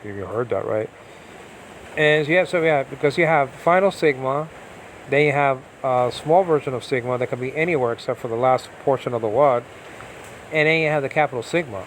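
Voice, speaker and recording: A man's voice: mid-range voice, moderate pace, slight background noise, low-quality recording. A man teaching Biblical Greek grammar from home in a casual, rambling way, full of fillers and asides. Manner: rambling, talks to himself, many fillers. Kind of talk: casual online lesson. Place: at home during a storm.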